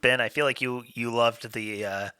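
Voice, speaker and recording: A man's voice: medium pitch, steady tone, normal speed, pushed and bright, clean tone, dry recording, clean studio sound. A man hosting a casual movie-review podcast, rambling with lots of "like" fillers and frequent laughs.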